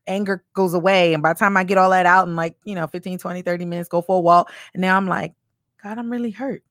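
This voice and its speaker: A woman co-hosting a casual faith discussion, animated and acting out little voices, with many fillers. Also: on the low side, dry recording, clean studio sound.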